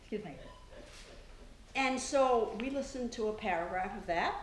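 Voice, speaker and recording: Speaking at normal speed in a fairly high, lively voice, an older woman author entertains an audience with chatty family anecdotes, laughing frequently. It's a storytelling talk captured in an echoey room with faint background noise.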